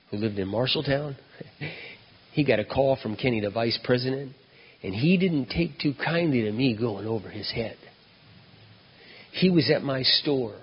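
A male preacher telling a story in a sermon, in an animated way. He acts out the dialogue, and his voice is husky. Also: mid-range voice, in a large hall, lo-fi sound.

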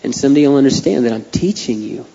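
A man preaching voices a gentle, fatherly God comforting a son in a soft, half-whispered tone. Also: mid-range voice, expressive, quick pace, gravelly. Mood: tender. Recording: dull lo-fi sound.

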